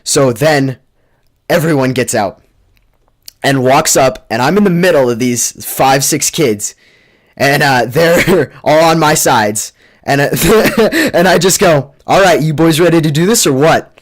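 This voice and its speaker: Young guy rambling through a story time, kinda high voice, lots of likes and ums. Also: unhurried. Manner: rambling, animated, lots of fillers and restarts. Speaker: storyteller vlogger.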